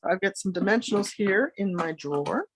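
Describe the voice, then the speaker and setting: A woman's voice: mid-range voice, animated, normal speed, slight background noise. Chatty woman demonstrating a craft project. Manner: chatty, friendly asides, thinks aloud while working. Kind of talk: casual tutorial demonstration. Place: home craft studio.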